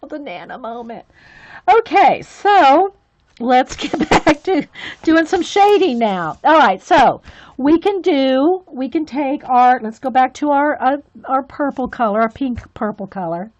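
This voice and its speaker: In a high, very animated voice at a measured pace, a woman hosts an easygoing livestream, coloring alongside her viewers. She's talkative and effusive, full of exclamations, and the recording sounds dull and lo-fi.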